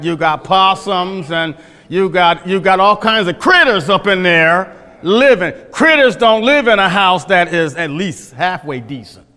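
A man's voice: high-pitched, pushed and bright, smooth. A man teaching a Bible class, folksy, questioning his listeners, often restarting his sentences. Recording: echoey hall.

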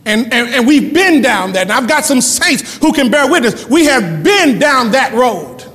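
A male pastor preaching a sermon in a church, moving between quick asides and loud shouted lines. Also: very high-pitched, very animated, big-room sound. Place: church sanctuary.

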